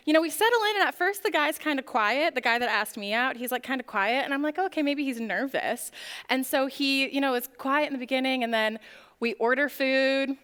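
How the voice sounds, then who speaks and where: A young woman with a high voice talks casually to a church youth group, telling stories in a chatty way and filling her speech with "like." Her voice rings with a long reverb, as in a large hall. It is a relaxed, conversational youth talk, not a formal sermon. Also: clear, resonant tone. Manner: chatty storytelling full of "like" fillers. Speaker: youth ministry speaker.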